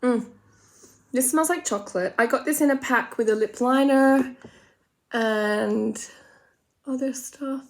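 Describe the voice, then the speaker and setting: A woman's voice: a little high, a little slow, gravelly, long pauses. An Australian woman chatting casually and rambling through a makeup tutorial, full of gossipy asides. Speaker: makeup vlogger.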